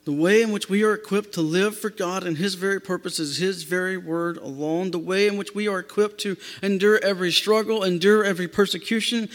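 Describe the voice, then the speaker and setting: A male pastor with a notably high voice delivers an emphatic sermon, repeating phrases to drive them home. The sound rings with a long reverb, as in a church sanctuary.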